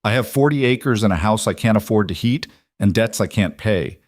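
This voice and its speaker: A man's voice: medium pitch, expressive, fairly quick, dark tone, dry recording, clean studio sound, lightly acted. A man voicing a cornered young bride who pleads and argues with rising desperation. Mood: distraught.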